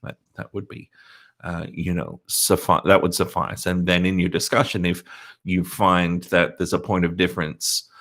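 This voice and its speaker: A man, a university lecturer explaining methods in a live-streamed Q&A, measured and pausing often with ums. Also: low voice, flat delivery, a bit bright. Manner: measured, explanatory, with frequent hesitations. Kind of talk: live-streamed Q&A on a lab report.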